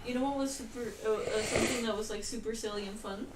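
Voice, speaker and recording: A woman's voice: fairly high pitch, steady tone, quick pace, reverberant, recorded from a distance, crowd noise, rough recording. A woman co-hosting a casual comedic chat, teasing and laughing. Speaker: co-host.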